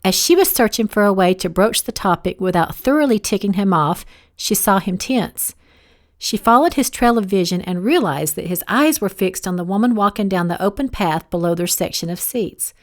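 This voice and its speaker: A woman's voice: medium pitch, normal speed. Woman narrating her own romance novel. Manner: steady reading, voicing each character. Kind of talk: audiobook narration.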